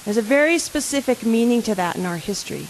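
A woman's voice: on the high side, expressive, fast, a little hiss or hum, rough recording. A woman speaking as a park service official, giving an earnest talk and quizzing her audience. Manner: asks audience questions, earnest and conversational.

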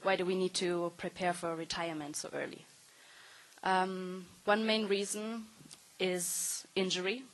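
A woman in her thirties with a fairly low voice speaks earnestly on a panel. She pauses with ums and restarts her sentences as she explains her work as a circus performer. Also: fairly even intonation, low-quality recording. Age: 30s. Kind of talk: panel talk.

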